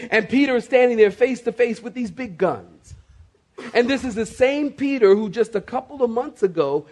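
High-voiced emphatic male preacher. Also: darkish tone. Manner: emphatic call-and-response preaching, swift asides. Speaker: pastor. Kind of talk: sermon.

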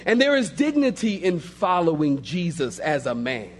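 A man's voice: high voice, animated, moderate pace, hardly any pauses, a little hiss or hum. A man preaching a sermon as pastor, emphatic and repetitive, building phrase upon phrase.

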